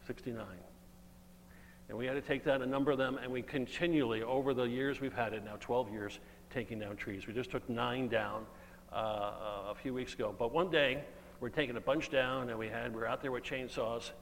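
A man's voice: mid-range voice, fairly even intonation, moderate pace. A man preaching an earnest, emphatic sermon and reading scripture aloud. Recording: long hall reverb, faint hum.

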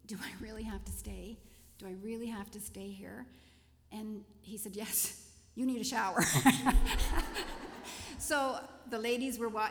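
An older woman shares a personal testimony, her voice slow to find words and tender. A gravelly edge runs through her speech. The sound carries a long reverb, as if from a large hall. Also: medium pitch. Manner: gentle, emotional, halting storytelling. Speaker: testimony speaker.

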